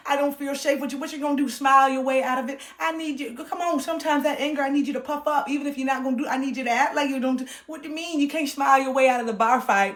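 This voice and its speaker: A woman's voice: high-pitched, a bit bright. A woman livestreamer ranting in a blunt, profane, confrontational way. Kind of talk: livestream rant. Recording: roomy echo.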